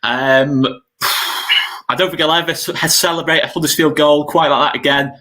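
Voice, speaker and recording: A man co-hosting a football watchalong, chatting casually and shouting in excitement at goals. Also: on the high side, moderate pace. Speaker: watchalong co-host.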